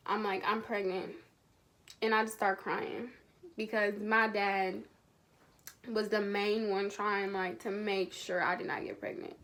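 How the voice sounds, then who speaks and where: A woman's voice: mid-range voice, a bit bright. A young woman vlogger telling a personal story in a casual way, acting out what her family said. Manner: casual, reenacts family dialogue in quotes.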